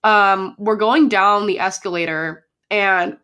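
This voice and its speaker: A woman's voice: mid-range voice, lively intonation, takes it slowly, a bit bright. Young female podcast co-host, casual fangirl chat, peppered with "like", slight cold. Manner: gushing, heavy use of "like". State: sick with a sore throat.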